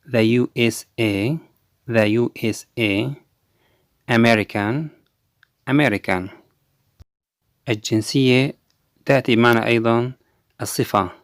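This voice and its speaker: Male English teacher, slow repeat-after-me drills, dry close recording. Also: medium pitch, no room sound. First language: Arabic. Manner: drills each English phrase slowly twice, explains quickly in Arabic. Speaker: language teacher. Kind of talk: recorded language lesson.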